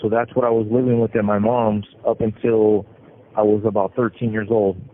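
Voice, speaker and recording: A middle-aged man from California, an inmate, tells his life story over a prison phone call, halting and restarting his sentences often. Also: fairly low pitch, little pitch movement. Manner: halting, with frequent restarts and repeated words. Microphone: prison telephone. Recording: tinny phone line with faint hiss.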